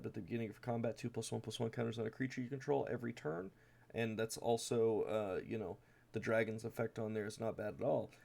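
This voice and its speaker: Gravelly-voiced man explaining his card deck. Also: mid-range voice, a little mellow. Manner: casual, reads card text, many fillers and restarts. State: tired, yawning. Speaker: deck tech host. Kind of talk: casual card-by-card deck walkthrough.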